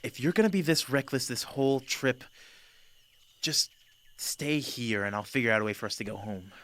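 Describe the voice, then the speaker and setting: Man as an exasperated healer lady, raised, sharp scolding. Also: mid-range voice, normal speed, natural voice. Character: stern, exasperated female party healer.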